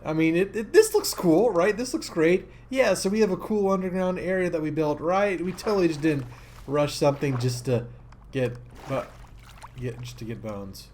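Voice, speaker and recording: A man giving casual gameplay commentary as a let's-play host, rambling and easily excited, with many fillers. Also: fairly high pitch, moderate pace, slight background noise.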